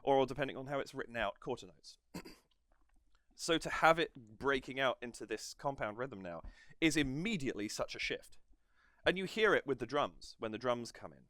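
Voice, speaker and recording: A man's voice: medium pitch, animated, moderate pace, a bit bright, no room sound, clean studio sound. A man hosting a reaction video, analysing a song's rhythm in a digressive way and counting and humming beats to explain it. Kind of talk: music analysis commentary.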